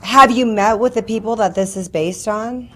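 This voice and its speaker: A woman's voice: fairly high pitch, normal speed. A woman hosting a talk show, asking short, friendly, encouraging questions. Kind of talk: casual interview chat.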